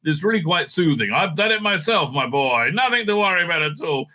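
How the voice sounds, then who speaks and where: A patronizing Imperial officer who coos reassurances in a bright, cutting voice, as a man puts him on. He talks fast and smooth, a touch higher than a plain speaking voice. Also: big pitch swings. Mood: falsely soothing. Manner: soothing, patronizing.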